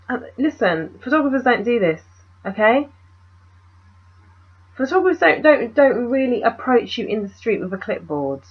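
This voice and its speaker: A woman's voice: a little high, sing-song, normal speed, breathy edge, highs cut off. A young woman, telling a story in a casual, rambling vlog and asking the viewer questions.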